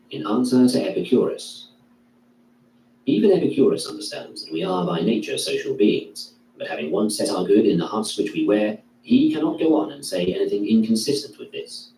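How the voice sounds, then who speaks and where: Low-voiced man reading in an echoey room. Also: dark tone. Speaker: reader. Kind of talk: reading a classical philosophy text aloud. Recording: echoey room, distant mic, faint hum.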